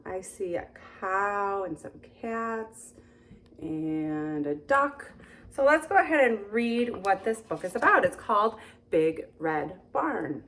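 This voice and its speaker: A woman hosting storytime who reads a picture book aloud in a slow, sing-song way and keeps asking the little listeners questions. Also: mid-range voice, very animated, fairly bright tone, a little hiss or hum. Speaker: storytime host for young children.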